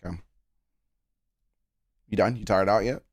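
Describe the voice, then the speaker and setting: A man's voice: lowish voice, moderate pace, dry recording. Male streamer, casual live-stream chatter, playful, laughs a lot, dry close sound. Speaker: streamer reacting to a video.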